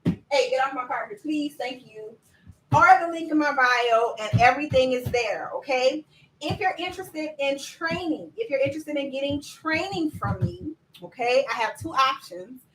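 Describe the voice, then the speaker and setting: A woman coaching viewers in a lively live-stream chat, talking to them directly and laughing often. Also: high-pitched, normal speed, roomy sound, far from the mic, slight background noise, rough recording. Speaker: business coach.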